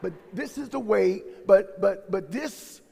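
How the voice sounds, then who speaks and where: A man's voice: high-pitched, measured pace, creaky, dark tone, slightly rough. A male pastor preaching a sermon, building in intensity and voicing the people he quotes. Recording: long reverb of a large hall.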